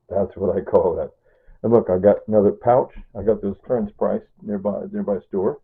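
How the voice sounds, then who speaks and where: A man's voice: on the low side, steady tone, normal speed, breathy edge. A middle-aged man from Kansas chatting casually in a home cooking vlog, rambling into asides and asking "right?" and "see?" as he goes. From Kansas, USA. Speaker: vlogger. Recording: tinny phone-like sound.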